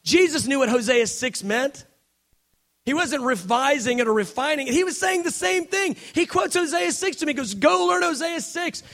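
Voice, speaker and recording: Brief: a passionate male preacher with a very high-pitched voice, dropping to a hush and then rising to a shout. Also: animated, normal speed. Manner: passionate, swings between hushed and shouting. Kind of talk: sermon.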